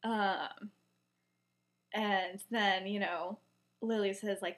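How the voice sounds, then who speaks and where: A woman's voice: mid-range voice, little pitch movement, slow, pauses often. A young woman co-hosting a podcast, casually retelling a story with many fillers and acting out the quoted lines. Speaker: podcast co-host.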